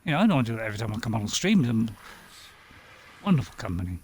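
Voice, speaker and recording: A man's voice: on the low side, big pitch swings, fast, slight background noise. A man giving casual gameplay commentary as a streamer, rambling, talking to himself and chuckling often. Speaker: game streamer.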